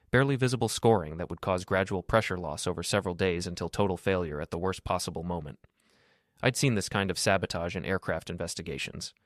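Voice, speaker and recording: A man narrating a dramatic first-person story in a steady, solemn way. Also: low voice, dry recording, clean studio sound.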